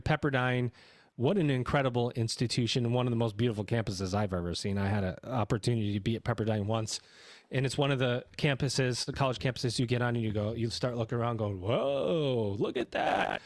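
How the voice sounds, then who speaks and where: A man's voice: medium pitch, fairly even intonation, quick pace, dry recording, studio quality. A man hosting an education podcast in a casual, rambling way, often correcting himself mid-sentence. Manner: rambling, self-correcting, chatty. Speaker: podcast host. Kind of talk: casual podcast intro and interview.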